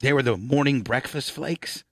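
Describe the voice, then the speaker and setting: A man's voice: medium pitch, normal speed, a bit bright, dry recording, clean studio sound. Brash, profane man telling a story. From Indiana. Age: middle-aged. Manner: swears freely, clears his throat often. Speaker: radio show host. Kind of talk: profane storytelling on a talk show.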